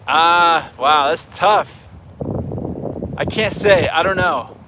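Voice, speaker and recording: A man's voice: a little high, slow, noisy background. A man with a Canadian accent hosting a live viewer Q&A, talking in an easygoing, frank way and thinking aloud. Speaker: snowboard coach and channel host.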